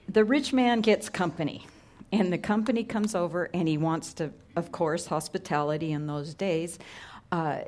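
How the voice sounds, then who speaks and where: Earnest, lower-voiced middle-aged woman preacher. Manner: conversational, earnest, drops to hushed tones for emphasis. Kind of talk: sermon.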